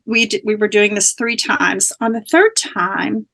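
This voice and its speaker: A woman's voice: mid-range voice, fairly even intonation, a little slow, a bit bright. A woman guest, a spiritual teacher, earnestly telling a personal story in conversation, with small restarts.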